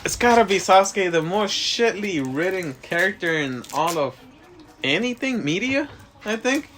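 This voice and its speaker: A man's voice: high voice, expressive, normal speed, fairly bright tone. A young man co-hosting a casual podcast, crude and joking, ranting with mocking impressions. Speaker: podcast co-host. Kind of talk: casual chat.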